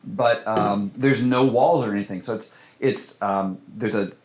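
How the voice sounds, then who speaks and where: A man's voice: fairly low pitch, a little slow, a little hiss or hum. A man, a film director, talking casually in an interview, full of fillers and restarts. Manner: animated, many fillers and restarts. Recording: roomy echo.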